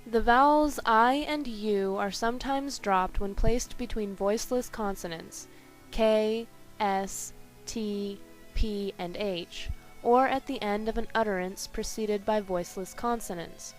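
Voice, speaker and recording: A woman reading a scripted language lesson carefully, slowing down to spell out each example. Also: mid-range voice, faint music behind. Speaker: language teacher.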